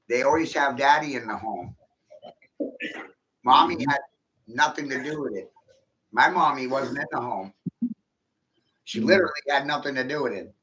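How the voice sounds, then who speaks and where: A man's voice: medium pitch, a bit bright, highs cut off, a little hiss or hum. A man holding forth in a blunt, opinionated casual chat. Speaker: host.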